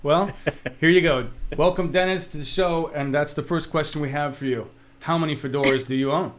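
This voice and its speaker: A man co-hosting a casual web show, talking in an animated, jokey and opinionated way. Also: a little high, fairly quick. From Oregon. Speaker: show co-host.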